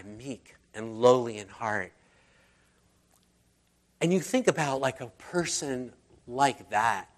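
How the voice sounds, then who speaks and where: A man's voice: medium pitch, lively intonation, slow, long pauses. A man preaching a casual sermon, telling personal stories in a chatty, conversational way and acting out the people he quotes. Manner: chatty storyteller, acts out quoted voices. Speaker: pastor.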